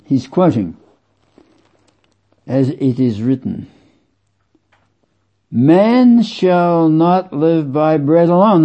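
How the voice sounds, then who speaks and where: A man preaching a sermon slowly and with emphasis, repeating phrases for weight. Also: mid-range voice, warm tone, breathy edge. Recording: dull lo-fi sound.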